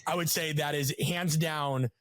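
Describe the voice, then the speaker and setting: Quick-talking, animated male podcast guest. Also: fairly high pitch, dry recording. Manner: quick, animated, self-deprecating storyteller. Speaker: guest coach and author. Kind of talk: casual podcast conversation.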